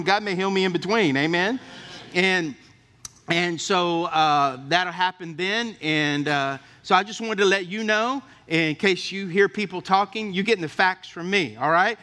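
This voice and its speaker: A middle-aged male pastor preaching a sermon with a high, bright voice. He tells personal stories in a folksy, chatty way and keeps turning to the congregation for an amen or a nod. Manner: folksy storytelling, asks the congregation for responses.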